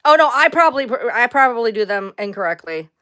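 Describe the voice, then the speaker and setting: A woman's voice: on the high side, lively intonation, fast, a bit bright. A woman hosting a casual livestream, rambling loosely, answering chat comments and swearing now and then. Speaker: livestream host.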